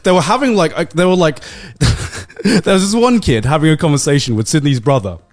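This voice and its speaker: A man's voice: on the high side, lively intonation, a little fast, faint music behind. A man in his thirties co-hosting a casual podcast chat, telling stories with frequent giggles, swearing and lots of agreeing. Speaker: podcast co-host.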